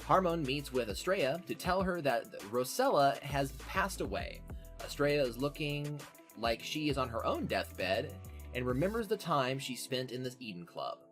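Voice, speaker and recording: A man's voice: mid-range voice, very animated, normal speed, a bit bright, soft background music. A man with a nasal voice hosting a casual podcast, recapping an episode in a profane, sardonic way. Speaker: podcast host.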